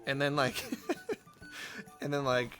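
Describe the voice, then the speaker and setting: Male gaming host, bright, somewhat high voice, chatty and rambling, faint music behind. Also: little pitch movement, slow. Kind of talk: casual commentary while playing a game.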